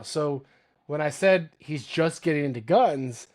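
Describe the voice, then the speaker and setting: A man hosting a podcast, telling stories in casual chat and quoting others in lively voices. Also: on the high side, unhurried. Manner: animated storyteller, quotes others in lively voices. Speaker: podcast host.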